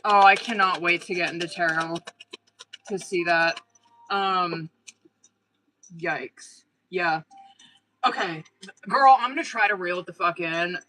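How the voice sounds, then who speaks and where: A woman giving tarot readings on a live stream, her voice bright and forceful. She talks straight to a viewer, swearing freely and riding an excitable energy. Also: on the low side, slow, long pauses, poor audio. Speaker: tarot reader.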